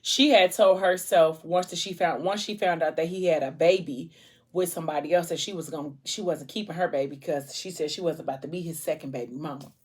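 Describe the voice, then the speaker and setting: A woman vlogger chatting casually on camera and retelling a novel's plot in an animated way, acting out the characters' lines. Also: low-pitched, fairly quick, breathy edge. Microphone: camera mic.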